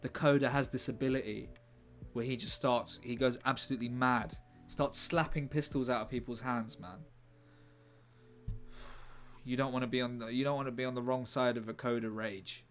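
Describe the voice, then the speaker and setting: A man's voice: mid-range voice, fairly even intonation, normal speed, a bit bright. Rambling, jokey man streaming. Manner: rambling, jokey, reads chat aloud. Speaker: streamer writing a script. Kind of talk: casual live-stream chat. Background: faint background music.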